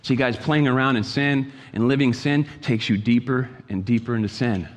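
A man preaching a sermon in an exhorting manner, repeating his phrases and moving between quiet asides and loud calls. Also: medium pitch, fairly even intonation, normal speed, big-room sound. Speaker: pastor.

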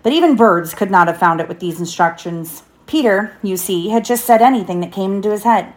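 A mother reads a children's storybook aloud at home, voice sitting at an ordinary middle pitch. She lifts her tone for the characters' lines and keeps the narration lively. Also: brisk.

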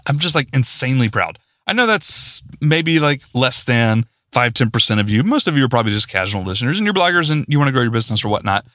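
Excitable male podcast host, lively pitch, dry close-mic sound, rambling and self-deprecating. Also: fast talker, few pauses, no room sound. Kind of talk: casual solo podcast sign-off.

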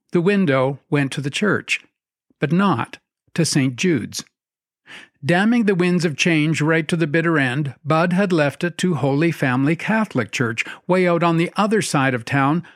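Dry-voiced male storyteller, wry and measured. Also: on the high side, no echo. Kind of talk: scripted narration.

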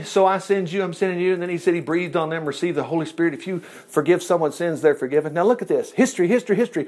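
A man preaching a sermon, reading scripture aloud and breaking off into casual asides and chuckles. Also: sits high. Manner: lively, asides and chuckles between verses.

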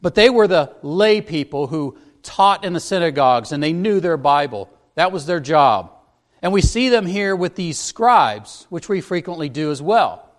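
A pastor delivers an expository sermon, working carefully through the text verse by verse. His voice sits a little higher than most men's, and his tone is earnest and instructive. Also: lively intonation, moderate pace.

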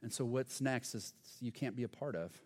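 A man's voice: medium pitch, moderate pace, a little mellow, lightly acted. A man voicing a churchgoer who pleads and stumbles over his words. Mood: pleading. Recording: long hall reverb.

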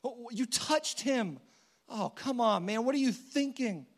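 A man's voice: very high voice, animated, a little slow, exaggerated voice. A man voicing panicking disciples who protest frantically during a sermon. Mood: panicked. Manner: frantic, exasperated.

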